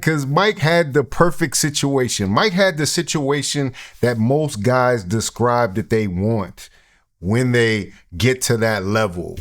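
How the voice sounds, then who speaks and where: A man hosting a commentary channel, reacting to a podcast clip in a relaxed way, laughing often and thinking aloud. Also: fairly low pitch.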